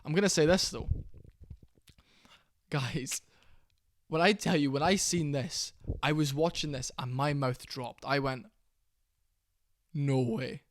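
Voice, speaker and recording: A man giving casual, excitable to-camera commentary, blunt and full of exclamations. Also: a little high, unhurried, pauses often. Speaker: MMA commentary YouTuber.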